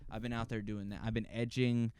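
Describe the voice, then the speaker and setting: A man's voice: on the low side, level tone, fairly quick, a little mellow, clear, resonant tone, dry recording, studio quality. A man hosting a casual solo podcast, telling rambling, profane stories. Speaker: podcast host.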